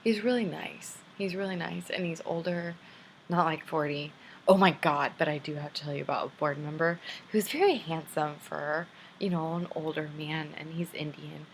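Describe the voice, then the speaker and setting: A woman's voice: low voice, normal speed, vocal fry, a little hiss or hum. A woman in her twenties talking to a camera in a video letter to a friend, rambling, candid and self-deprecating. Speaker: vlogger.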